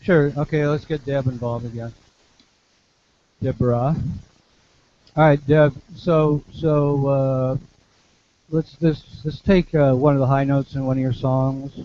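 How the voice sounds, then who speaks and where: A man's voice: mid-range voice, warm tone, muffled recording, slight background noise. A man working as a vocal coach, explaining technique and demonstrating with short sung lines, repeating words as he goes. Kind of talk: teaching demonstration.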